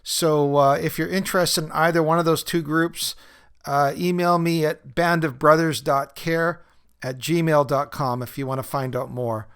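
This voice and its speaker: A man's voice: a little high, fairly even intonation, measured pace, fairly bright tone, clean tone. A man hosting a podcast, talking casually with many fillers and laughing at his own stories as he leads a recovery-group talk.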